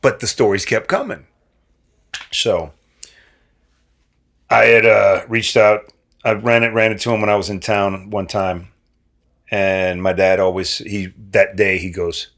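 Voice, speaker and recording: Gravelly low-voiced man telling stories. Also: unhurried, long pauses. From Nebraska, USA. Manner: animated, acts out quoted voices with big pitch jumps. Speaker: guest actor. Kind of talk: casual storytelling.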